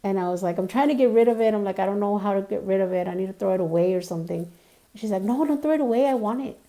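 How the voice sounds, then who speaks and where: A woman's voice: mid-range voice, fast talker, mellow. A young woman vlogger casually telling a personal story, rambling with lots of "like" and "you know".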